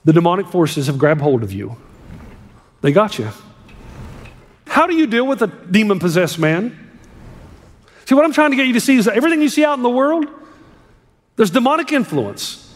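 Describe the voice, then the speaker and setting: High-voiced preaching man, hall reverb. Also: sing-song, moderate pace, pauses often. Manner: impassioned, swings between hushed and emphatic. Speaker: pastor. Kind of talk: sermon. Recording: long reverb of a large hall.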